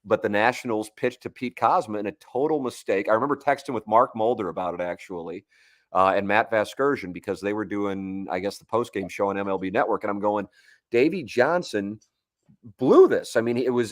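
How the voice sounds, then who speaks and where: A man's voice: fairly low pitch, brisk, no echo, studio quality. A man in his forties, a sports radio guest, telling long rambling anecdotes with frequent restarts in a casual sports talk show.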